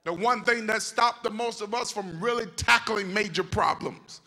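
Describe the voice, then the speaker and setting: High, bright-voiced fervent preaching man. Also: moderate pace, poor audio. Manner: fervent, repetitive preaching that calls on the congregation. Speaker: bishop preaching to his congregation. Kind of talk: sermon. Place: church sanctuary.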